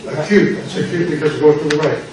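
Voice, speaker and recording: Speaking quickly with fairly even intonation and a high-leaning pitch, an older American pastor leads a Greek class while a crowd murmurs behind him. In the church classroom he drills and quizzes students, repeats words and makes playful puns. The sound is noisy, very echoey and distant.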